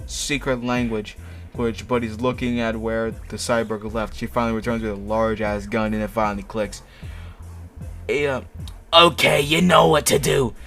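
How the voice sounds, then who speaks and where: A man hosting, reading fanfiction aloud with mocking asides, laughing often and tripping over his words. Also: medium pitch. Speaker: host.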